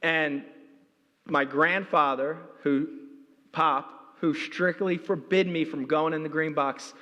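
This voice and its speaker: A man giving a conference talk, telling a story with energy, and his voice jumps high when he gets excited. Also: measured pace. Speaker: keynote speaker. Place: large hall. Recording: reverberant hall.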